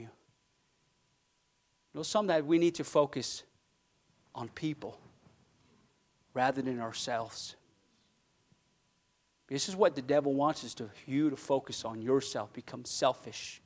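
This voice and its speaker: A man who is a pastor, preaching a sermon with fervent emphasis, swinging from loud declarations to quiet, earnest asides. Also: mid-range voice, animated, measured pace, long pauses. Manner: fervent preaching, rising loud then dropping soft.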